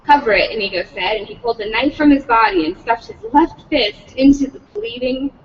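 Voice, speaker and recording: A woman's voice: sits high, sing-song, moderate pace, vocal fry, in a large hall, distant mic, dull audio, slight background noise. A woman reading a novel aloud at a public read-in, slipping profanity into the text. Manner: adds profanity, breaks off laughing.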